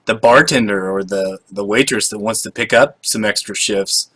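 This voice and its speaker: A man's voice: on the low side, normal speed, pushed and bright, rough recording. A man hosting a casual interview, upbeat and reacting with enthusiasm to his guest. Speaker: interview host.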